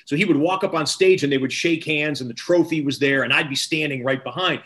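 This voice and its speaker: A man, a sports television host, telling stories in a casual interview, lively and quick to act out quotes. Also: fairly high pitch. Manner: energetic storyteller, quotes others in lively voices.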